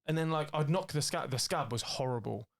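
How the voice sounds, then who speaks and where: A man's voice: fairly high pitch, brisk, gravelly. A man in his late thirties with a British English accent, telling a rambling, profane story on a podcast and acting out the people in it. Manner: rambling, profane, animated storytelling with acted-out quotes. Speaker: podcast co-host. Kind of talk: casual storytelling chat.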